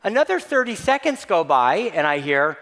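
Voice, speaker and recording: A man giving a keynote talk to staff, telling a comic story in an animated, playful, mock-outraged way. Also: high-pitched, normal speed. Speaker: keynote speaker. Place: large hall. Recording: long reverb of a large hall.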